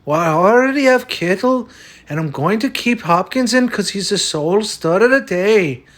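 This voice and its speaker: A man's voice: sits high, lively intonation, moderate pace, fairly bright tone. A man playing a brash, stubborn character who claims to be Irish, talking in a blunt, boastful way with some swearing in a comic sketch. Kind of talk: comic sketch over a fantasy lineup.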